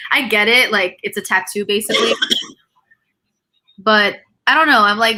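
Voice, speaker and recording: A woman's voice: mid-range voice, moderate pace, bright, forceful tone. A woman hosting a casual live video-call chat, talking in rambling restarts and laughing often. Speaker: host; teacher.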